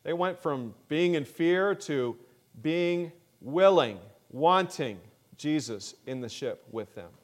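A man preaching a sermon in an earnest, measured way, growing louder on the words he stresses. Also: fairly high pitch, lively intonation.

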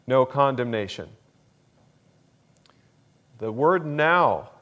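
A man preaching a sermon, slow and deliberate, repeating key phrases for emphasis. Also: mid-range voice. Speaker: pastor.

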